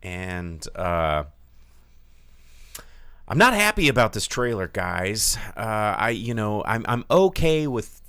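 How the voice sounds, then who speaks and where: A man co-hosting a movie podcast, talking casually and animatedly, cursing freely and slipping into quick impressions of people. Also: lowish voice, clear, resonant tone, no room sound, clean studio sound. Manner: animated, swearing, mimics people in quoted voices. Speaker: podcast co-host.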